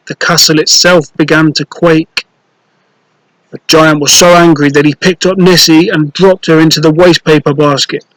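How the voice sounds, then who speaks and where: A man reading a children's storybook aloud, slow, clear and playful, with rhymes. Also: a little high, no echo, low-quality recording.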